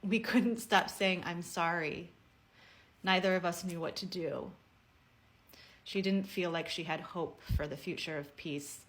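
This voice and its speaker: Woman, lowish voice, earnest and measured, heartfelt personal message to camera. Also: fairly bright tone. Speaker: personal video speaker.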